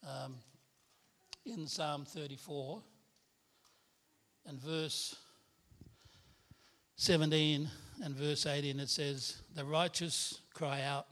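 A man's voice: on the high side, steady tone, slow pace, pauses often, fairly bright tone. A middle-aged man, a guest preacher giving a candid personal testimony sermon, laughing at himself as he tells it. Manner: candid storytelling with self-deprecating laughs.

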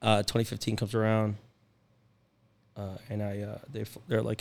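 A young man, a podcast guest, chatting casually and telling animated stories about his career, acting out phone calls and laughing often. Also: lowish voice, moderate pace, gravelly, long pauses. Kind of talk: casual storytelling chat. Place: podcast studio.

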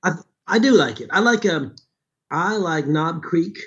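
Hoarse middle-aged voice actor, casual and rambling, muffled lo-fi sound. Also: male voice, a little high, expressive, measured pace, a bit bright. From Chicago, USA. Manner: rambling, with frequent restarts. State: sore throat. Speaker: voice actor and audiobook narrator. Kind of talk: casual conversation.

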